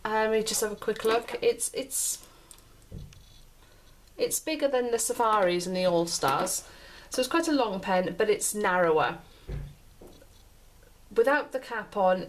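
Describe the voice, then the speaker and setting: A woman's voice: medium pitch, a little hiss or hum. A British woman hosting a pen review show, chatting casually and often repeating herself as she describes the pen. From United Kingdom. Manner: chatty, repeats and restarts phrases while describing.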